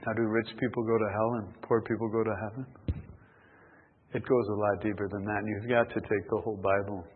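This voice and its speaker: A man preaching a sermon emphatically, swinging from loud outbursts to near whispers. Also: on the low side, little pitch movement, fairly quick, a little hiss or hum. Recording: tinny phone-like sound in a reverberant hall.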